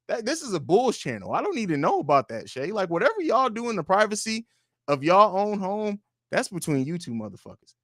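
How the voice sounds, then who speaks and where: A young guy streams casually for fans from his home studio, reading their comments and trash-talking with profanity. Sometimes he bursts out loudly, sometimes he mumbles low. There's no echo.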